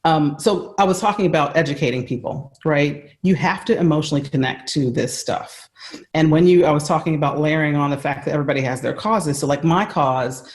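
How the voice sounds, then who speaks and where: A woman's voice: low voice, fairly quick, a little mellow, reverberant. An American woman, a leadership coach, giving earnest, emphatic answers with examples on a video call. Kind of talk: conversational interview answer.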